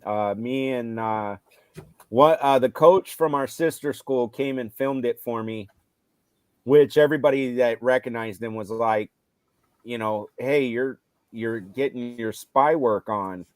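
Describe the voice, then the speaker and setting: A middle-aged man, a football coach, casually retelling stories from his games, getting loud and animated when he quotes himself. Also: medium pitch, measured pace, dry recording. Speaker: high school football coach. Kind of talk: casual storytelling on a live show.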